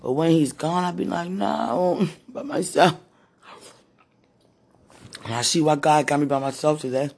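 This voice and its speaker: A woman with a hoarse, husky voice, worn from preaching and crying, talking casually to God in a prayerful monologue and calling out to him between sentences. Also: sits low, fast, hardly any pauses, a little mellow. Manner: talks to God aloud, breaks into moans and exclamations. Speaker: street preacher.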